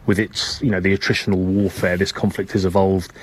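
A male correspondent giving a live news report, measured, with frequent hesitations and restarts. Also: sits low, little pitch movement, breathy edge.

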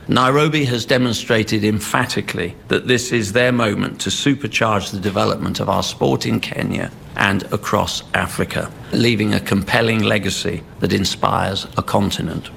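A man speaks in a heavily gravelly, slightly low voice. His statement is measured and emphatic. A faint ambient hum runs behind him. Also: a bit bright. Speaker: sports official. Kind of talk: prepared statement.

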